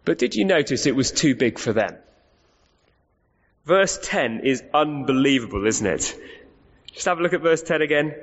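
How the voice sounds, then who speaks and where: A man's voice: a little high, animated, moderate pace, long pauses. A male preacher delivering an emphatic sermon, asking the congregation rhetorical questions and often restarting his sentences. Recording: reverberant hall, muffled sound.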